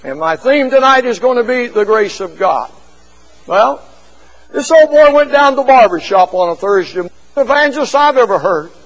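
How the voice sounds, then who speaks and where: A male preacher telling a story and preaching a sermon, rising to shouts at the high points. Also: lively intonation, normal speed, rough recording.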